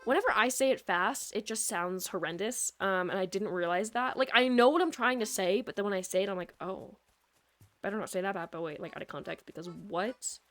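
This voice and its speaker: A woman's voice: mid-range voice, brisk. A young woman from the American Midwest with a Midwestern accent, chatting casually and rambling while she streams a game, her sentences full of "like". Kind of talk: casual gameplay chat. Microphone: USB microphone. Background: soft lofi music.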